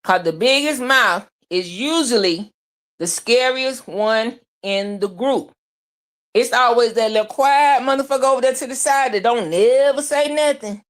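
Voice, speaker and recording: A woman hosts a live stream. She talks in an animated, casual way, greets viewers by name and swears freely as she gossips. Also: a little high.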